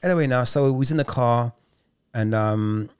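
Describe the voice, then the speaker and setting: A man co-hosting a podcast, telling stories in a lively, slangy, casual way. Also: medium pitch, moderate pace, clear, resonant tone. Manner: animated storyteller with street slang. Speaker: podcast co-host, youth worker.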